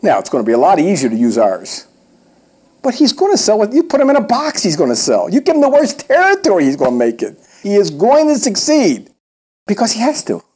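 A man delivers a motivational sales training talk, folksy and emphatic, speaking straight to his listeners. His voice is mellow and husky. His pitch rises and falls in wide, animated sweeps. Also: a little fast.

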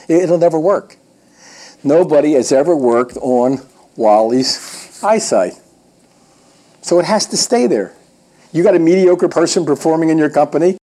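A man's voice: a little high, warm tone. A man giving a motivational sales training talk in a folksy, emphatic way, addressing the audience directly.

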